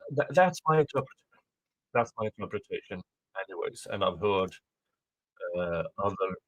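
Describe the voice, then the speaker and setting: A man's voice: on the low side, fairly bright tone, low-quality recording. A man giving casual livestream commentary, reading out a court motion with rambling, self-correcting asides and sarcastic remarks.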